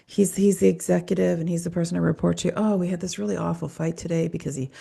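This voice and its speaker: A woman's voice: lowish voice, fairly even intonation, quick pace, creaky, mellow, breathy edge, exaggerated voice. A woman voicing a chatty office-worker client who rambles and overshares about her aches.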